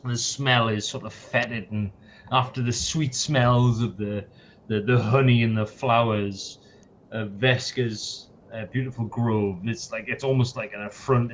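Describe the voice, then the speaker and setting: Game master narrating casually. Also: male voice, mid-range voice, slight background noise. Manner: casual, swearing, with many fillers.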